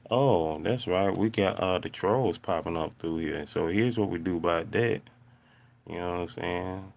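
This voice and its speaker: A man hosting a casual live stream from home, chatting with viewers and ranting in an animated, exasperated way full of slang. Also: low-pitched, gravelly.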